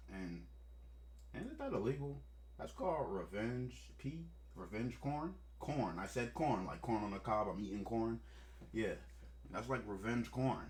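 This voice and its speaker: Low-voiced guy doing casual reaction commentary, blunt, jokey, swears a lot. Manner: blunt, joking, profane asides. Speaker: commentary host.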